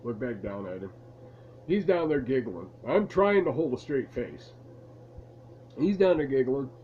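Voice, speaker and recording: A bit slow, with lively intonation and a medium, slightly mellow voice, a vlogger tells an amused, rambling story from his past to camera. He's laid-back in a lamp-lit room at home, and the recording sounds muffled with slight background noise.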